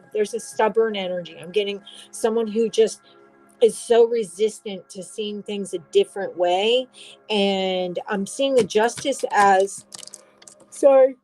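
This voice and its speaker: A woman's voice: medium pitch, fairly even intonation, measured pace, a little mellow, soft background music, poor audio. A woman giving a casual tarot reading, rambling and restarting, swearing now and then. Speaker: tarot reader.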